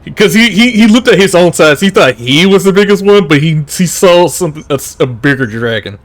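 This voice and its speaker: A man's voice: sits high, expressive, a little fast. A young man narrating as game master in a loose, rambling way, full of restarts and fillers. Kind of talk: casual tabletop game narration.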